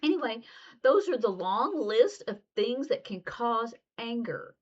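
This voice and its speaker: A woman's voice: fairly high pitch, big pitch swings, a little slow, a little mellow. Chatty woman teaching in a lo-fi video. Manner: chatty, acts out little example dialogues. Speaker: sign language teacher. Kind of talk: casual video lesson.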